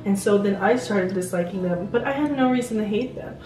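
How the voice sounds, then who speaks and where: A woman's voice: mid-range voice, brisk. A teenage girl co-hosting a casual chat, earnest and rambling, with many fillers. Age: teens. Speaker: channel co-host. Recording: roomy sound, mic at a distance, faint music.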